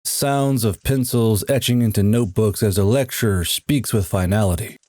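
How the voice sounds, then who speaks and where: Low-voiced dramatic male narrator. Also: moderate pace, warm tone, dry recording. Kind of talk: scripted narration.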